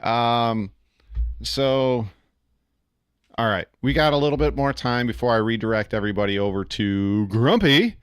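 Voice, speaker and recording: A man's voice: medium pitch, fairly even intonation, normal speed, pauses often, clean tone, no room sound, clean studio sound. A man hosting a casual reaction live stream, rambling and easygoing with lots of fillers and frequent laughter.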